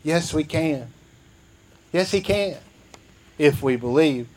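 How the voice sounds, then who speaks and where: Pastor guy preaching, earnest, keeps repeating lines, bit high voice. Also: expressive, takes it slowly, darkish tone. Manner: earnest, repeats key phrases for emphasis. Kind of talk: sermon with scripture reading.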